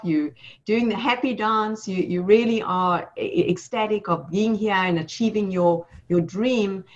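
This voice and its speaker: A woman's voice: medium pitch, highs cut off. A woman hosting an interview, who asks guests questions in a reflective, encouraging way. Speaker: host.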